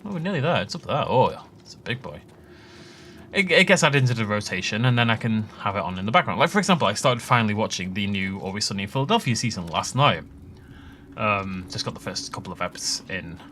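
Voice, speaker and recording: Lively, bright-voiced man narrating gameplay. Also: lowish voice, quick pace, slight background noise. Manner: chatty, rambling asides with laughs. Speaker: let's play host. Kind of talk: casual gameplay commentary.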